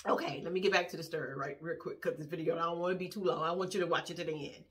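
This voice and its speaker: A middle-aged woman vlogger telling a family story to camera in a casual, rambling, animated way. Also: lowish voice, very fast. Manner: animated, rambling, acts out quoted voices.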